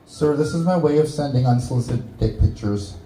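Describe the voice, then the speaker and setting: A man's voice: mid-range voice, a little fast, warm tone, roomy sound, a little hiss or hum, rough recording. A Canadian man doing a stand-up set in a small bar, teasing the audience with crude jokes. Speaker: stand-up comedian. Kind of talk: stand-up set with crowd work.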